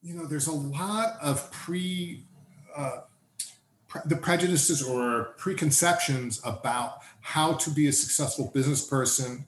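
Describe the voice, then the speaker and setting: A man hosting a casual interview, chatting in an animated way and acting out the people he quotes. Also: a little high, unhurried, slight background noise. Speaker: podcast host, lawyer and agent. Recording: echoey room with faint ambience.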